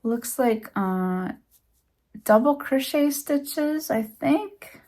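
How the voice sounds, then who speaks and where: A woman crochet vlogger talks slowly to her camera, her voice sitting a little high. She gushes with emotion, repeating her thanks and praise over and over in a soft, casual way. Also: animated. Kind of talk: unboxing vlog, casual chat to camera.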